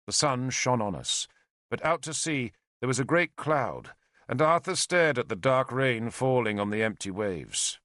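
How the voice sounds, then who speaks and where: Expressive male audiobook narrator. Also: mid-range voice, unhurried, no room sound, clean studio sound. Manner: lyrical, expressive storytelling. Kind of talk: scripted first-person narration.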